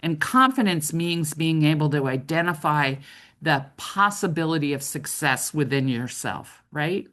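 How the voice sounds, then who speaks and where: A woman's voice: low voice, lively intonation, a little slow, a bit bright. A middle-aged woman trainer giving a conversational training lecture, often checking in with "right?".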